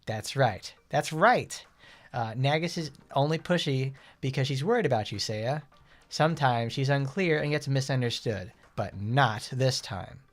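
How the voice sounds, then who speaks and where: A man's voice: medium pitch, unhurried, natural voice. A man reading the lines of a bubbly teenage schoolgirl from a game story, flustered and hesitant. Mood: eager.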